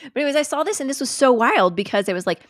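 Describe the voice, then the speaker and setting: A woman's voice: high voice, expressive, very fast, no echo, clean studio sound. A woman hosting a live stream, chatting casually, giggling and swearing freely as she reacts to clips. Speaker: host.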